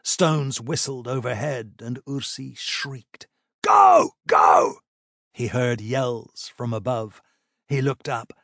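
A man narrating a fantasy battle audiobook in a measured, even storytelling manner. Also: mid-range voice, no room sound, studio quality.

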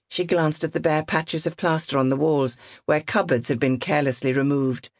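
A woman narrating a novel in a measured, expressive reading. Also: low-pitched, dry recording, clean studio sound. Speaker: audiobook narrator. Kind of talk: scripted narration.

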